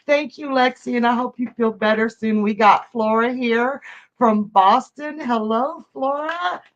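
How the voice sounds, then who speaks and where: Upbeat woman hosting a livestream. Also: fairly high pitch. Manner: chatty and upbeat, laughing often. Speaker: psychic and astrologer hosting live readings. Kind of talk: casual livestream hosting, reading out chat. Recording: dull, lo-fi stream audio.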